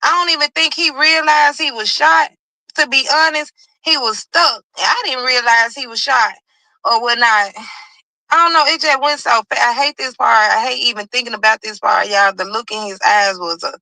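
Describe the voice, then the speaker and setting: A woman's voice: a little high, moderate pace, pushed and bright, no echo, low-quality recording. A woman host telling a personal story in a casual, emotional way, often repeating herself and speaking directly to her listeners. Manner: emotional, repetitive retelling, addressing listeners. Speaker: podcast host.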